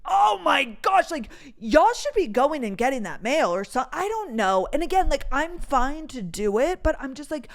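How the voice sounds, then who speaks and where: A woman's voice: sits high, big pitch swings, moderate pace, few pauses. A young woman telling a frustrating story in a casual, exasperated rant, swearing freely and saying "like" a lot. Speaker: podcast host. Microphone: voice memo recording.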